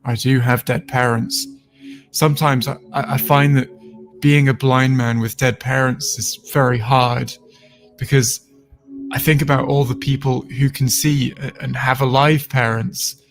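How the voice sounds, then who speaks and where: A man voicing a glum, self-pitying blind man, mumbling in a low monotone in a parody sketch. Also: a little slow, soft background music, natural voice. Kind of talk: comedy parody sketch acting.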